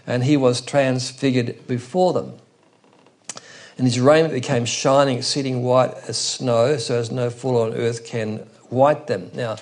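A man delivers an unhurried Bible teaching in a thoughtful, conversational way. His voice sits at a middling pitch with a gravelly, creaky texture. He often slows to read scripture aloud. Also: darkish tone. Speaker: preacher.

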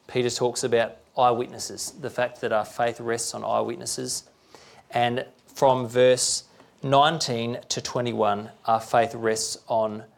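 A man's voice: mid-range voice, creaky. A man preaching a sermon, talking conversationally and checking in with rhetorical questions.

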